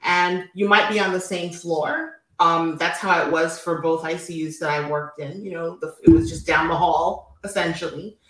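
Guest nurse, a middle-aged woman with a lowish voice, patient and explanatory, recorded in an echoey room. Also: fairly even intonation, normal speed, hardly any pauses, crowd noise. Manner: patient, explains step by step with many fillers. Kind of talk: explanatory interview answers.

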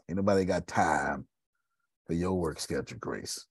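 A man hosting a casual group talk, animated and preachy, with a slangy way of talking. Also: low voice, normal speed, slightly rough, dry recording. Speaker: host.

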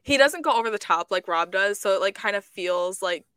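A woman co-hosting a casual chat, lively and emphatic, often giggling. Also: medium pitch, a little fast, crowd noise. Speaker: podcast co-host.

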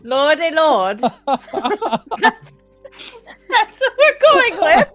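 A woman playing a tabletop game, bubbly and animated, laughing often with her friends. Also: very high voice, very slow, faint music behind. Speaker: player. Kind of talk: casual game table chat.

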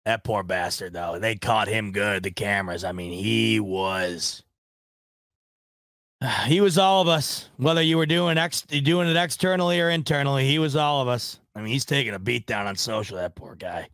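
A man's voice: fairly low pitch, normal speed, fairly bright tone, no room sound, clean studio sound. Frustrated man ranting on a podcast. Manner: frustrated, rambling, self-deprecating, swears. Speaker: podcast host. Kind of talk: casual sports podcast rant.

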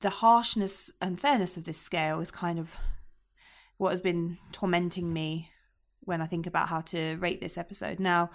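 A woman co-hosting a casual review podcast, talking thoughtfully and hesitantly with many pauses. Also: fairly low pitch, steady tone. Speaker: podcast co-host.

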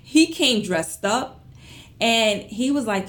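A woman who runs a small business, casually telling her viewers a personal story in an emotional, animated way. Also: slow. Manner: emotional, animated retelling with big pitch swings; conversational, colloquial phrasing.

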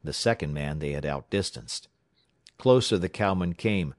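A man reads an adventure story aloud in a steady, measured way. His voice sits very low and sounds dry and close, with no room around it. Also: no room sound. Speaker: audiobook narrator. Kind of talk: audiobook narration.

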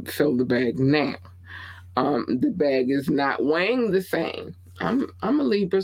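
A woman's voice: low voice, rough recording. A woman hosting a podcast, giving casual entertainment news commentary and reading viewer comments aloud in a candid, opinionated, blunt and profane way. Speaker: podcast host.

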